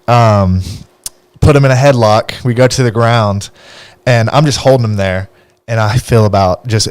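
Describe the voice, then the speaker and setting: A man's voice: on the low side, dry recording. A young man, a podcast host, telling a story in a casual way and laughing often as he goes.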